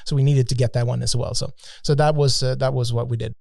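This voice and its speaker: Mellow-voiced man telling a travel story. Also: mid-range voice, fast talker, vocal fry, no echo, studio quality. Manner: animated, joking, many restarts. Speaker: podcast guest.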